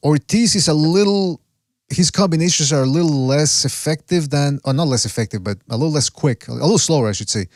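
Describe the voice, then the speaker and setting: A man's voice: fairly high pitch, brisk, no echo. Rambling male podcast host, dry sound. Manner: rambling, searching for names with many restarts. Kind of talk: casual podcast chat.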